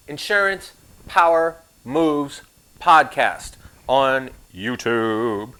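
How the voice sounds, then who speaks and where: A man's voice: medium pitch, animated, normal speed, a bit bright. A man teaching an insurance course in a recorded class, with sarcastic, joking asides.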